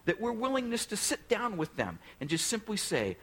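A husky-voiced man preaching a sermon, his pitch rising and falling in a lively sweep. As pastor he talks conversationally and keeps turning questions straight to the congregation. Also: normal speed, poor audio.

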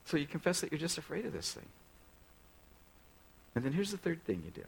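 A man's voice: on the high side, sing-song, brisk, gravelly, pauses often, slight background noise, low-quality recording. A male pastor preaching a sermon in a conversational way, often putting direct questions to the congregation.

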